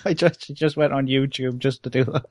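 A man's voice: mid-range voice, steady tone, unhurried, no room sound, studio quality. A man chatting on a podcast, giggly and teasing. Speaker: podcast co-host. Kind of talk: casual chat.

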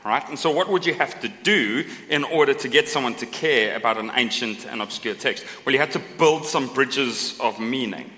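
A man's voice: medium pitch, normal speed, hardly any pauses, sharp tone. A middle-aged male pastor giving a sermon in a chatty, joking way, often tagging his points with a questioning "right?". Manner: conversational preaching, tags lines with a questioning "right?"; self-deprecating humour, asides to the congregation. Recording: long hall reverb.

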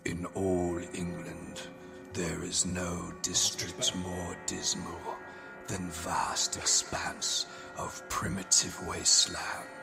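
A man putting on a solemn audiobook narrator who drags out every word in a deep, gravelly murmur that sinks toward a whisper. The voice sits very low and moves at a crawl. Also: monotone, takes it slowly, music in the background, full character voice. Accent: American. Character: male audiobook narrator, slow grave hushed delivery.

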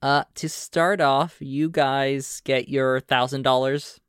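A man's voice: mid-range voice, steady tone, slow, a bit bright, clear, resonant tone, dry recording, clean studio sound. A man hosting a podcast as game master, narrating a tabletop game in an easygoing way with frequent fillers.

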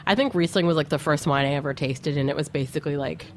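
A woman co-host chats casually and leans on "like" as she talks. Her voice sits a bit low for a woman, and faint noise hums behind her. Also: fast talker. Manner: chatty, many "like" fillers. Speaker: podcast co-host. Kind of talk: casual chat.

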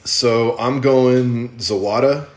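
A man's voice: medium pitch, steady tone, takes it slowly. A man co-hosting a casual podcast, rambling with plenty of ums and restarts. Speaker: podcast co-host.

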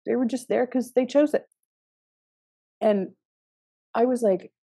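Husky, mellow-voiced woman podcaster. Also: on the high side, measured pace, dry recording. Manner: meandering, hesitant, with frequent restarts. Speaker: podcast host. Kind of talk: reflective spiritual podcast monologue.

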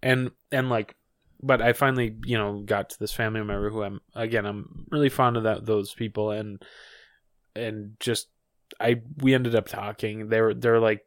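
A man's voice: lowish voice, fairly even intonation, moderate pace, no echo. A podcast co-host, a man in casual chat who rambles through filler words and restarts. He swears freely and keeps circling back to his point. The sound is dry and close to the mic.

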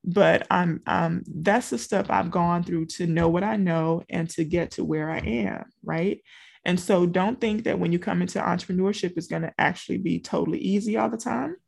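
Gravelly-voiced chatty woman coach. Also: on the low side, normal speed, a little mellow. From small-town Louisiana. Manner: chatty, talks straight to listeners with frequent asides. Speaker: business coach. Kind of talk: casual motivational talk.

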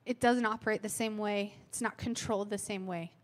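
A woman in her thirties preaching a sermon, telling candid self-mocking stories with fillers, clearing her throat from a cold. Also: medium pitch, steady tone, a little fast.

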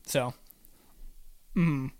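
A man's voice: extremely slow, a little mellow. A man hosting a casual podcast chat, enthusiastic and full of "dude" and "like". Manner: enthusiastic, keeps saying "dude".

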